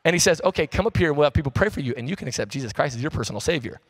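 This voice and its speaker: Casual, animated pastor preaching. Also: male voice, on the high side, racing, breathy edge. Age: 30s. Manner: casual, animated storytelling with slang. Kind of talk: sermon.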